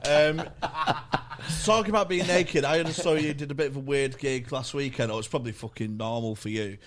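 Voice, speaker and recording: A man's voice: mid-range voice, brisk. A man co-hosting a casual comedy podcast, teasing his guest bluntly and swearing freely. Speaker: podcast co-host.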